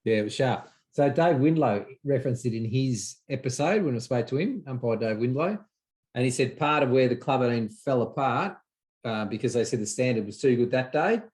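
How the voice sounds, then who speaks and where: An Australian man hosts a casual interview in a relaxed, encouraging way. His voice sits at a plain middle pitch for a man. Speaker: podcast host.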